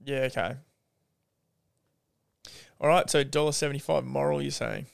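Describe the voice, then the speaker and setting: A man's voice: mid-range voice, steady tone, moderate pace, creaky. An Australian man co-hosting a casual racing podcast, asking short questions and answering with hesitant fillers. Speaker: podcast co-host. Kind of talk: casual racing tips chat.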